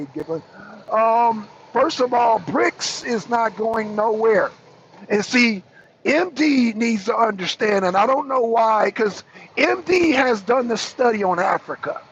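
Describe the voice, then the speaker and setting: A man with a very high, gravelly voice rants through heated political commentary and calls out his co-hosts by name. The sound is a bit muffled, with faint noise behind him. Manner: animated, ranting, addresses co-hosts by name. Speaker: political talk show host.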